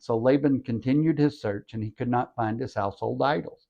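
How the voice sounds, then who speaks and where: A man's voice: medium pitch, brisk, gravelly, dark tone, lo-fi sound. Man reading scripture with wry asides. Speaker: scripture reader and podcast host.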